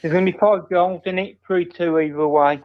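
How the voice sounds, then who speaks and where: A man's voice: high-pitched, fairly even intonation, fairly quick. A man calling into a football phone-in, cheerful and friendly. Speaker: caller. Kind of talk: casual phone-in call. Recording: tinny phone line.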